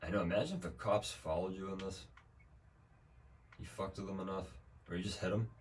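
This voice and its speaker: A young man streams a video game with casual commentary, rambling loosely, cracking dry jokes and swearing a lot. His voice is low, steady and brisk, picked up by a distant mic with faint background noise.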